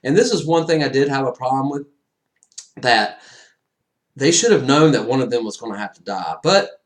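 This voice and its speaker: A man giving a casual, excitable movie review, moving between loud enthusiasm and hushed retelling, full of slang. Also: mid-range voice, moderate pace. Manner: casual slang, says friggin' a lot.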